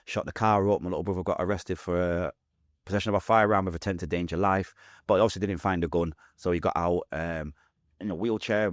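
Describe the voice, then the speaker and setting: A young man with a broad Mancunian accent tells his story at a rapid clip, acting out voices as he goes. His voice sits fairly low. The sound is close and dry, with no room echo. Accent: Mancunian English. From Manchester, England. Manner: fast, vivid storytelling with acted-out quotes. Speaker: guest. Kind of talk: podcast interview storytelling.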